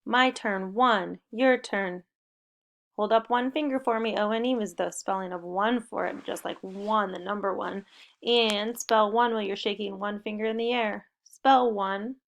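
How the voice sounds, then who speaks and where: Slow, gravelly-voiced woman teacher. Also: mid-range voice, steady tone. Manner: upbeat, encouraging, clearly paced instructions. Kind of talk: spelling lesson for young children. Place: home recording.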